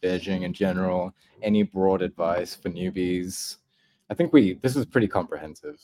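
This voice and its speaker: A man with a very deep, low voice. He hosts the podcast in a laid-back way, teasing his co-hosts now and then as he keeps the chat moving. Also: moderate pace, crowd noise. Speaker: podcast host.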